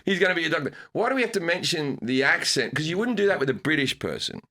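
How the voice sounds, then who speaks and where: A middle-aged man with a bright, forceful Australian voice, spinning stories in a relaxed interview chat. He is animated and keeps leaping into high, squeaky bursts to land the jokes. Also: fast talker. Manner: animated, jumps into bursts of high pitch for comic emphasis. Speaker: comedian guest. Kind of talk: casual storytelling chat.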